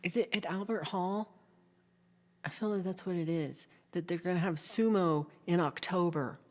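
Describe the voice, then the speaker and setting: A woman's voice: lowish voice, normal speed, a little mellow. A woman hosting a casual livestream, chatting with viewers and reading their messages aloud, with frequent ums. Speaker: livestream host.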